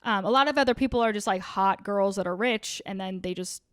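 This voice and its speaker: A woman's voice: medium pitch, a little fast, clear, resonant tone, no echo, studio quality. A woman co-hosting a podcast, chatting casually and animatedly, swearing freely and filling her talk with "like". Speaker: podcast co-host. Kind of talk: casual chat. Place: New York City.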